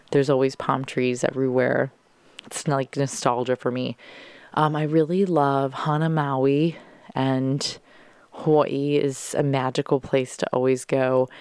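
A podcast host from Southern California chatting casually and gushing, talking fast with swearing and laughter. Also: mid-range voice, darkish tone, clear, resonant tone, no room sound. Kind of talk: casual solo podcast chat.

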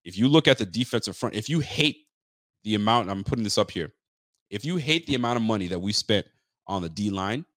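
Animated, slangy male sports podcaster. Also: on the low side, brisk, no echo, studio quality. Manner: animated, lively storytelling with mimicked quotes; loose street slang and swearing. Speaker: podcast host. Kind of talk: casual sports talk chat.

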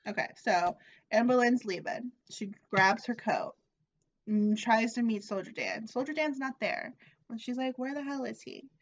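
A woman's voice: a little high, expressive, a little slow. Sassy woman on a dull lo-fi mic. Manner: sassy, playful asides. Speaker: podcast co-host. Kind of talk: casual chat. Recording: dull lo-fi sound.

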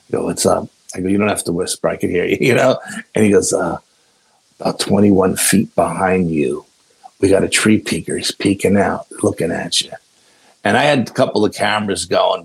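A man, a podcast guest, telling a story in a casual, laid-back, unhurried way. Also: deep voice, gravelly, breathy edge, low-quality recording.

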